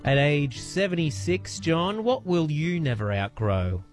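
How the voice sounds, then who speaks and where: A man's voice: fairly high pitch, very animated, measured pace, music in the background. Easygoing Australian man radio host. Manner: easygoing, chatty, laughs easily.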